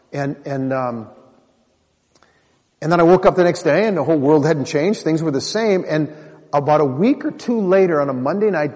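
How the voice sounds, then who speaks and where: A man's voice: on the high side, darkish tone. A man from Minnesota giving an earnest personal testimony to an audience, talking to the crowd directly. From Minnesota, USA. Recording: long hall reverb.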